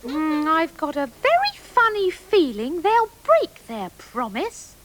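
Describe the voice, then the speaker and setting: A bossy, scheming health-food fanatic. Her voice sits extremely high and swoops wildly up and down, sugary and scolding in turn. She sounds like a children's sitcom character. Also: huge pitch swings, slow pace, noisy background, full character voice. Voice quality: sing-song, scolding and sugary.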